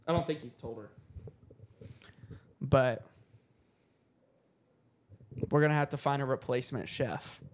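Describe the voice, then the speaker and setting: A young man co-hosting a podcast, telling stories in a slangy, joking, animated way. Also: a little high, slight background noise. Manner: animated storytelling, slangy, jokey. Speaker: podcast co-host. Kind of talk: casual chat.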